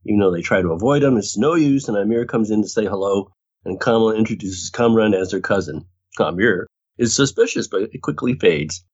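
A man's voice: lowish voice, animated, brisk, slightly rough. A man co-hosting a podcast, recapping a TV episode in casual chat and laughing often. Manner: reads recap, laughs often, mimics characters. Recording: dull lo-fi audio.

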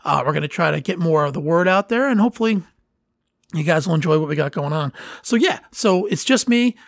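A man's voice: fairly high pitch, expressive, fairly quick, creaky, no room sound, studio quality. A man hosting a podcast on his own, talking casually and rambling with fillers and restarts. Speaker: podcast host. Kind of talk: casual solo podcast talk.

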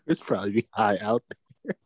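A man's voice: lowish voice, animated, brisk, no echo. A man co-hosting a casual basketball podcast, slangy and playful, laughing often. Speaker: podcast co-host.

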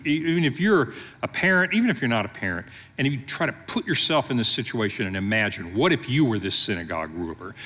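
A man preaching as a pastor, teaching with lively asides and plain explanations. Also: mid-range voice, long reverb tail. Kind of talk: sermon.

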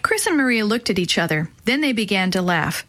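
A woman narrating a children's book in a clear, measured way. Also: medium pitch, very animated, fairly bright tone. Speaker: audiobook narrator.

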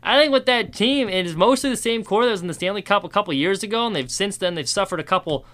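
A young man hosts a one-man sports podcast in a loose, rambling way, swinging between blunt opinions and jokes at his own expense. His voice sits a little high and sounds bright and forward. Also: lively intonation, fast. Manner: rambling, self-mocking, opinionated. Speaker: podcast host.

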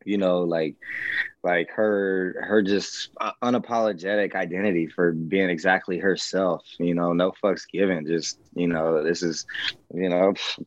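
A man guest in a casual interview, talking in a relaxed, rambling way with many fillers and restarts. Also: deep voice, a little fast, no room sound, muffled recording. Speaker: rapper guest. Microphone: video call.

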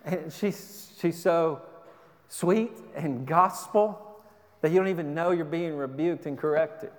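A man's voice: fairly high pitch, measured pace. A man pastor preaching a sermon in a church, earnest and exhorting, often restarting his sentences. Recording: long reverb of a hall.

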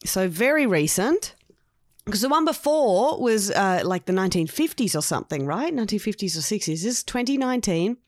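A woman's voice: medium pitch, animated, no echo, studio quality. A woman, co-hosting a podcast, reviewing a TV show in casual chat with jokey asides. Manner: chatty, jokey, quick asides. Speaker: podcast co-host.

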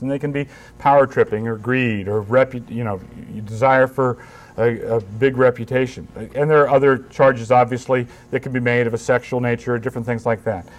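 Man giving an emphatic conference talk. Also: mid-range voice. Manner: conversational, emphatic, wry humor. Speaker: pastor.

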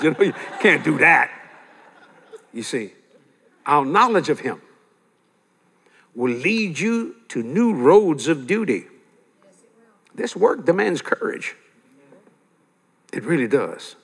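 An older preacher with a slightly high, breathy-edged voice tells lively stories punctuated by chuckles, repeating his main points to drive them home. He speaks unhurriedly with long pauses, and a lengthy reverb suggests a large church hall.

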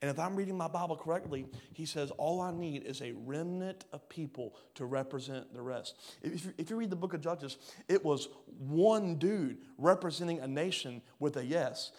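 Guy preaching, voice kinda high, goes big then drops way quiet. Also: normal speed, hardly any pauses. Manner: preaching in bursts, rising loud then dropping low. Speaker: pastor. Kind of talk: sermon. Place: church hall.

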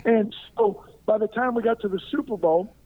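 High-voiced older man on a tinny phone line. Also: moderate pace. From Arkansas. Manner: lively anecdotal storyteller who acts out quoted lines. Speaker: guest, former pro football player. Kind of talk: interview storytelling.

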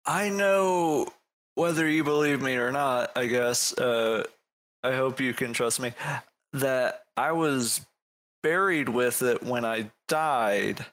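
A man plays his character in a tabletop game and speaks in a halting, wry way. He talks slowly at a middle pitch with frequent pauses. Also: a bit bright. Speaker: player.

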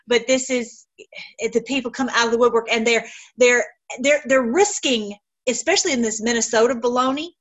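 Excited woman host rambling on, kinda high voice, dull lo-fi sound. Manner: excited, rambling, laughing asides. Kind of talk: casual political chat show.

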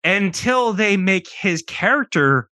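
A man's voice: sits high, takes it slowly, no echo. A man co-hosting a podcast, chatting casually and emphatically about a film, often repeating words as he gets worked up. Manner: animated, emphatic, repeats words when excited. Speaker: podcast co-host. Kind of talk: casual film-review chat.

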